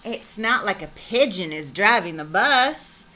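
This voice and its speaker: A woman voicing an excitable, playful boy kitten in a picture-book reading, tossing in mock Spanish phrases. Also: mid-range voice, unhurried. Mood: cheerful. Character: playful boy kitten who thinks he's a chihuahua.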